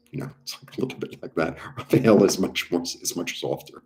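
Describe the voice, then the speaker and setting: A man's voice: sits low, animated, brisk, creaky, a little mellow. A man giving a casual, rambling spiritual talk about healing, with many fillers and restarts. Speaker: spiritual healer.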